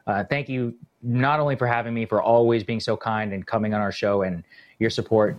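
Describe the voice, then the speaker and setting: A man appearing as a guest commentator, chatting about politics in an animated, emphatic way. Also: fairly low pitch, fairly quick, dull audio. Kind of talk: casual political chat.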